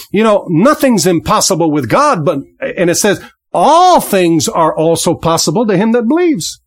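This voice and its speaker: A preacher giving a fervent podcast sermon, rising and falling for emphasis, with praise exclamations and repeated words. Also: mid-range voice. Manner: repeats words, laughs briefly.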